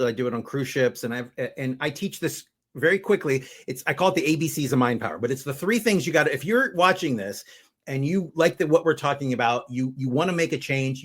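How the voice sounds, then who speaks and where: A middle-aged man, a mind power speaker, explaining his method step by step with energetic examples. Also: mid-range voice. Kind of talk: conversational teaching.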